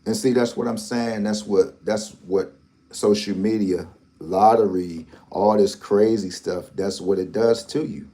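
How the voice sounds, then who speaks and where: A man's voice: lowish voice, measured pace, dark tone. A man hosting a lottery channel, talking in a rambling, repetitive, teasing way with speech. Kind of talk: casual commentary.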